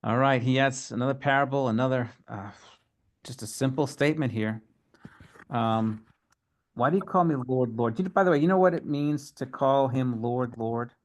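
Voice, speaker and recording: Soft-spoken man leading a Bible study. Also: mid-range voice. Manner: thoughtful, halting, many fillers. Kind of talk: casual teaching talk.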